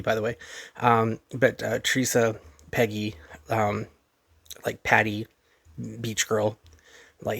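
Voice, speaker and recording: A man's voice: mid-range voice, creaky, fairly bright tone, dry recording. A man casually recounting events to a few friends, rambling with lots of fillers and quoting others' words. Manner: rambling, filler-heavy retelling with quoted dialogue. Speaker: vlogger.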